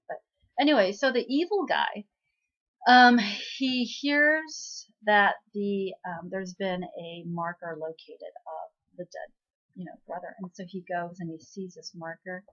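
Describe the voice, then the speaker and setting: A woman's voice: on the low side, lo-fi sound. A woman vlogger casually retelling a drama episode, chatty and laughing, with many "um"s and "right?"s. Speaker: recap vlogger.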